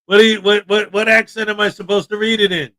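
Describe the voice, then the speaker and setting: A man hosting a casual livestream chat, joking and animated with sudden loud bursts. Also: high voice, quick pace. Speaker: livestream host.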